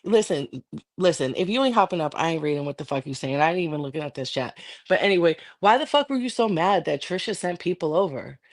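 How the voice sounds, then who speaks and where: A woman's voice: lowish voice, animated, quick pace. A livestreaming woman in a heated, profane, confrontational rant aimed at a rival.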